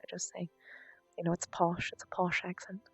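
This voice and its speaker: Gravelly, muttering woman streamer. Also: lowish voice, completely flat delivery, moderate pace, no echo. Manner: stutters and mutters, trails into soft asides. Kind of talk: casual chat with stream viewers during VR role-play. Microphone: VR headset mic. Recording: dull lo-fi stream audio, faint music.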